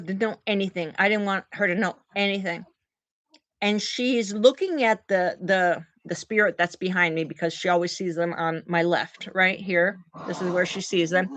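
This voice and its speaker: A middle-aged woman vlogging, telling a personal story in an emotional, animated way to camera. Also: mid-range voice, dry recording. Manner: emotional, animated, talks to her dogs mid-story.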